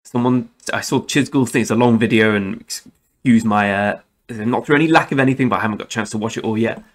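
A man's voice: mid-range voice, quick pace. A young man hosting a gaming channel, talking casually and rambling through game commentary, often correcting himself and swearing now and then. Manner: rambling, self-correcting, chatty with mild swearing.

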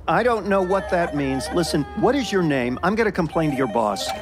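An impatient, complaining customer. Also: female voice, lowish voice, big pitch swings, brisk, music in the background. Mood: irritated. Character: angry mother, a demanding customer.

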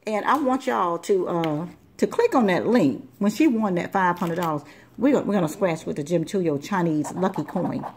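A woman's voice: fairly low pitch, animated, normal speed. Chatty woman doing a scratch-off vlog, rambles and repeats herself, faint noise behind. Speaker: lottery scratch-off channel host. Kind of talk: casual chat while scratching tickets.

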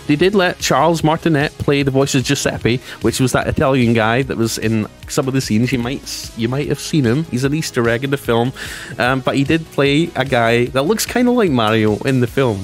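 A man presenting a casual gaming news vlog. He rambles excitedly, with lots of restarts and side remarks, and his pace swings between fast and slow. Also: mid-range voice. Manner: chatty and rambling, with frequent restarts and asides.

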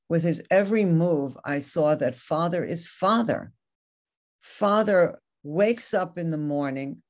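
A woman's voice: sits low, a little mellow. A woman Torah teacher giving a lecture, earnestly retelling a story and reading quoted passages aloud.

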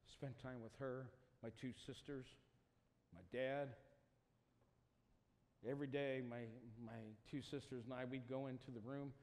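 A man's voice: medium pitch, level tone, unhurried. Man preaching in an echoey hall. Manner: emotional, builds to loud passionate appeals. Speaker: youth camp speaker. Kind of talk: sermon. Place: camp meeting hall with student audience. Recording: echoey hall, poor quality.

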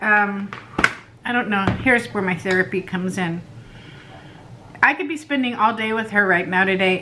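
Bright-voiced chatty woman vlogging. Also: fairly high pitch. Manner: chatty, self-deprecating, laughs often. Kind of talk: casual chat to camera.

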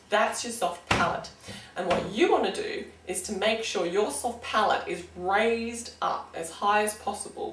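An Australian woman talks through a singing lesson in a chatty, encouraging way. Her voice sits at a middling pitch. It sounds roomy and echoey, as if she is standing a little back from the mic. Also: recorded from a distance. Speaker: singing teacher. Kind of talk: casual online singing lesson.

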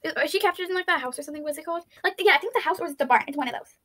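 Brief: high, bright-toned woman, excitable let's-play commentary, frantic repeated pleas. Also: racing. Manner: thinks aloud, with frequent "let's see" and "I don't understand". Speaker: YouTuber playing an online game. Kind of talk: casual gameplay commentary.

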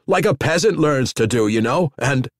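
A male narrator voicing a gruff, rasping peasant servant who talks fast and rough. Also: mid-range voice, lively intonation, no echo, pitched above the performer's own voice.

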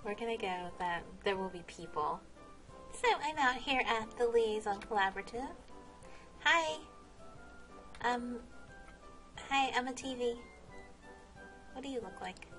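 A woman's voice: a little high, expressive, unhurried, pauses often, fairly bright tone, faint music behind. A woman vlogging while she plays, chatting casually, laughing and exclaiming often. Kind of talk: casual game vlog commentary.

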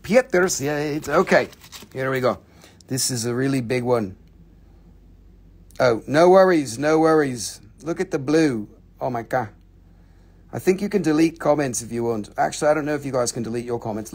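A man's voice: medium pitch, animated, moderate pace, pauses often, breathy edge. A man hosting a live rock sale in a casual, joking way, cursing freely and slipping into playful put-on accents. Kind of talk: casual live sales stream.

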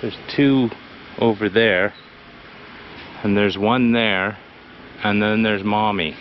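A man from British Columbia talking to his camera while walking outdoors, blunt, excitable and full of swearing. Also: fairly low pitch, takes it slowly, lo-fi sound, a little hiss or hum. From British Columbia, Canada. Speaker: vlogger. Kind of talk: casual walking vlog. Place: outdoors by a city beach.

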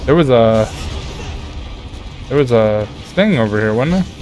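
Exasperated male gamer yelling at the game. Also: medium pitch, animated, measured pace, soft background music. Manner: reactive, easily frustrated, swears and yells at the game. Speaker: gaming streamer. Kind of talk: live gameplay commentary reading chat.

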